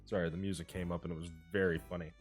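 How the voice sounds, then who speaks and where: A man's voice: low voice, level tone, racing, slightly rough. A man narrating as game master, rambling and self-mocking with many fillers. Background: pirate music.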